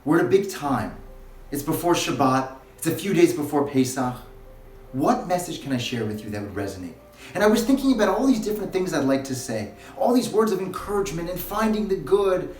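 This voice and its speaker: A man's voice: high voice, expressive, fairly quick, a little mellow, a little hiss or hum. A man giving a short recorded sermon as a rabbi, earnest and building to impassioned, pleading questions. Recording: roomy echo, faint music.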